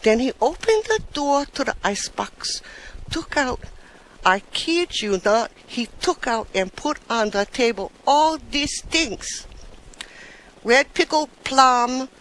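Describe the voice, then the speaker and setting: A woman spins a comic first-person tale in a broad Hawaiian Pidgin accent, taking her time over every line. She piles up lists with growing emphasis, each item landing a little higher than the one before. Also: animated, slow pace, a bit bright, poor audio. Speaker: storyteller.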